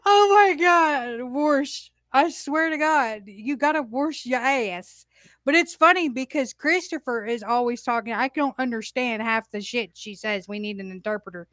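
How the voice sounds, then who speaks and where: High, sharp-voiced woman host. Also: moderate pace, dry recording, clean studio sound. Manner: profane, laughing, incredulous storytelling. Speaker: talk show host. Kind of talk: casual chat. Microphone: livestream studio mic.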